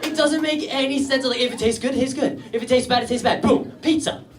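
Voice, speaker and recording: A man's voice: very high voice, fast, crowd noise. A young man from England doing a rambling, self-deprecating stand-up comedy set on a club stage. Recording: distant live stand-up recording with audience laughter.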